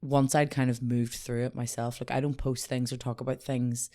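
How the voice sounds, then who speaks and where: A woman's voice: very deep voice, moderate pace. Chatty Northern Irish woman storyteller. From Northern Ireland. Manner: chatty storyteller, constant "like", lively acted-out quotes. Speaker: guest stylist. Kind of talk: casual podcast chat.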